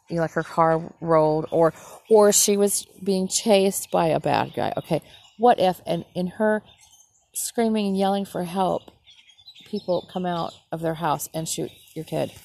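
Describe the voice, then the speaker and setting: Woman host, low raspy voice, outspoken casual ranter. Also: a little mellow, a little hiss or hum. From Northern United States. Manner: frank, indignant, swears freely. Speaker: podcast host. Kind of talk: casual ranting monologue.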